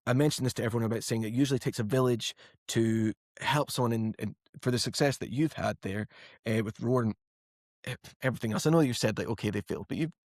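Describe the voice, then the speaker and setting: A man's voice: mid-range voice, quick pace, darkish tone, no echo, studio quality. A man with an East Coast Scottish accent hosting a podcast interview, chatting in a friendly, rambling way with restarts. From Scotland. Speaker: podcast host. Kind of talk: casual interview chat.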